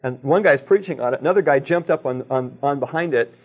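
A man's voice: medium pitch, quick pace, slightly rough. A male Christian preacher giving a teaching talk, telling anecdotes and checking in with his listeners with "okay?". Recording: narrow, tinny phone-like sound.

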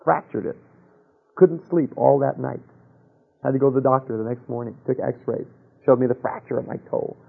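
Man preaching a sermon, storytelling, rhetorical questions, husky voice, tinny phone-band sound. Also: mid-range voice, moderate pace. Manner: storytelling, asks rhetorical questions, drops to a hush for quoted voices.

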